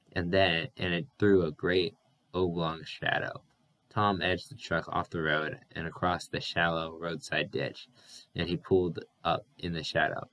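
Deep-voiced man reading a novel aloud. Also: a bit bright, dry recording. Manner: stumbles and corrects words while reading. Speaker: audiobook narrator.

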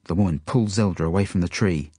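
A man's voice: low voice, fast, mellow, slightly rough, no room sound, clean studio sound. A man reading his own book aloud, telling it earnestly in the first person. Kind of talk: audiobook narration.

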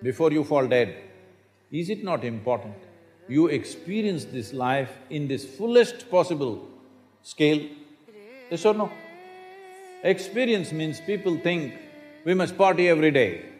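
A man's voice: a little high, expressive, measured pace, pauses often, darkish tone. Emphatic man in his sixties. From India. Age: 60s. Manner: emphatic, with rhetorical questions and dry humor. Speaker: spiritual teacher. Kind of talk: public talk to an audience. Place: large lecture hall. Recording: reverberant hall.

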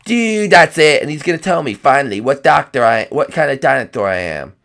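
This is a hyper young male dinosaur in a game comedy role-play, voiced by a man. He keeps bursting out in high yells, and his voice has a gravelly rasp that jumps all over the place. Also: big pitch swings, brisk. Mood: excited.

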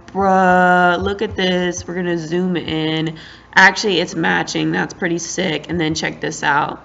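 A young adult woman giving casual, excitable gameplay commentary, full of slang and rambling asides. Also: fairly low pitch, a little slow, vocal fry, dull audio. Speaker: gaming channel host.

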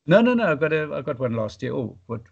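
Gravelly man on a dull line. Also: on the high side, very animated, fast. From South Africa. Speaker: paragliding pilot, guest. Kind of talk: casual podcast chat.

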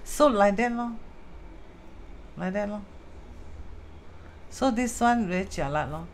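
Slow-paced yet animated, this woman speaks in a mid-range voice over slight background noise. She's a Singaporean feng shui teacher chatting on a live stream, dropping Hokkien and Mandarin terms and welcoming viewers partway through her explanations.

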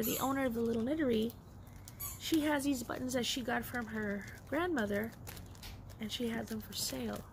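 A woman casually chatting about her yarn and knitting haul, excitable and quick to laugh. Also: a little high, background noise. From Los Angeles area. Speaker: craft vlogger.

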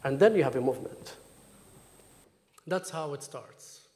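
A man's voice: a little high, lively intonation, unhurried, warm tone. A man from Jerusalem, an author giving an emphatic talk and reading from his memoir at a book launch. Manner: emphatic, questioning the audience. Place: lecture hall. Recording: long reverb of a hall.

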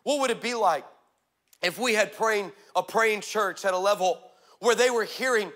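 A male pastor preaching a sermon, energetic and humorous, telling stories and building to shouts. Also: high-pitched, normal speed. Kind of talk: sermon with storytelling.

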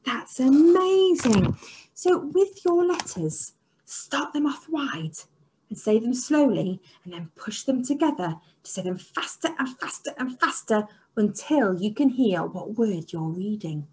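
A woman teacher leading an online phonics lesson for young children, sounding out letters slowly and praising with excitement. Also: fairly high pitch, a little hiss or hum. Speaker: early years teacher.

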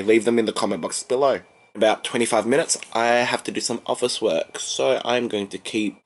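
A young man, chatting in a casual vlog in an excitable, gushing way. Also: lowish voice. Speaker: vlogger. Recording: noisy background.

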